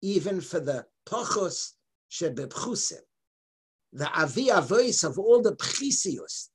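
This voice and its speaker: A man's voice: high-pitched, sing-song, measured pace, husky. A man, a rabbi, giving an impassioned and emphatic Torah lecture over a video call. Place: home, online lecture.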